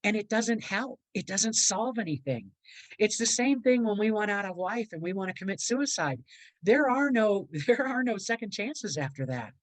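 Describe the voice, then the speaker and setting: A woman's voice: medium pitch, expressive, moderate pace, no room sound, rough recording. A middle-aged woman, a podcast guest and motivational speaker, telling a personal story in a rambling, earnest way and acting out the voices of people in it.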